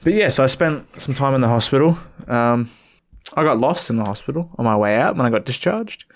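A young man tells a story in a relaxed, casual way. His voice sits at a middling pitch, and he laughs easily as he talks. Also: brisk. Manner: laid-back storytelling, laughs often. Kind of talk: casual chat.

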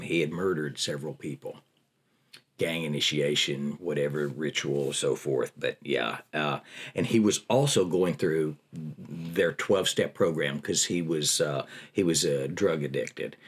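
An older man, a prison ministry volunteer, tells personal stories in an interview in a folksy, animated way. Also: very deep voice, husky.

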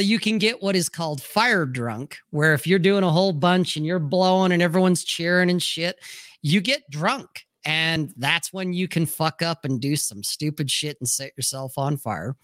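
Forceful, profane storytelling man. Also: on the high side, normal speed, no echo, studio quality. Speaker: co-host. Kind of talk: casual chat.

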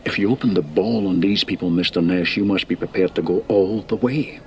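An actor playing a grizzled older beat cop in a film clip, speaking low and menacing. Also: male voice, a little fast, a little mellow, faint music behind. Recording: film soundtrack clip with faint ambience.

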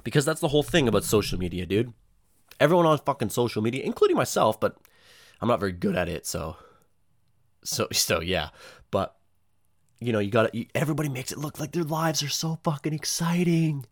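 Rambling, profane young man, animated pitch. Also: a little fast, no room sound, clean studio sound. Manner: rambling, profane, mocks others in high put-on voices. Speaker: podcast host. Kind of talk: casual solo chat.

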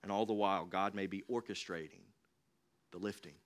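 A young man preaching a sermon in a church, in a conversational, animated way. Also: low-pitched, a little fast. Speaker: pastor. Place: church sanctuary.

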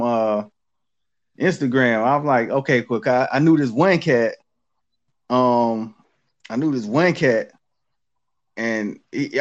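A man in casual chat, talking in an animated, profane street manner. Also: medium pitch. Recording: dull lo-fi audio.

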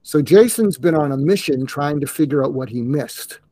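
An older man, a psychiatrist guest in an interview, speaking earnestly in a halting way with restarts. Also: fairly high pitch, expressive, warm tone, no echo. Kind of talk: conversational interview.

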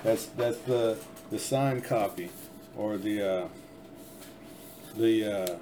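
A man with a fairly low voice rambles through political commentary as a show host. He leans on sarcasm and keeps restarting his sentences. A faint background noise sits under the recording. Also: takes it slowly. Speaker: podcast host.

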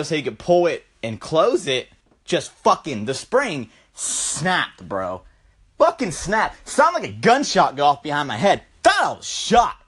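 A man's voice: a little high, a bit bright, slightly rough. A young man telling a crude, profane comic story loosely, dropping "bro" constantly and making goofy sound effects. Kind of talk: crude comedic storytelling rant.

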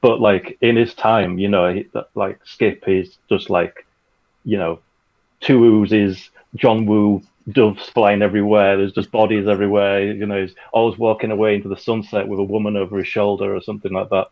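A low, gravelly-voiced man talks loosely about his own audio drama production, rambling and stuffing his speech with fillers. His tone stays level and his pace moderate, and the recording comes across a bit dull and lo-fi.

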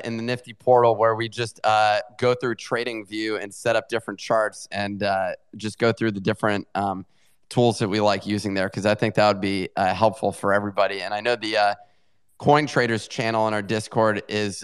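Smooth low-voiced co-host, halting. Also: male voice. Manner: hesitant, lots of uh and um. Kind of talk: casual chat.

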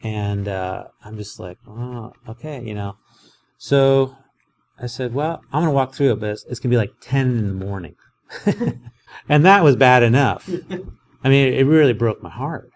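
A man teaching a Greek lesson as a professor, explaining in a conversational, animated way. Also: mid-range voice, unhurried.

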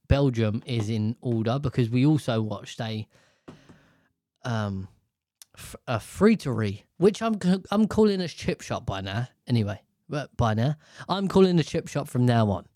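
A man chats casually with a co-host, wandering from point to point with lots of energy. He keeps dropping into quick impressions. The recording is dry and close, with no room echo. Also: mid-range voice. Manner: rambling, animated, breaks into voices. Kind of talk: casual chat.

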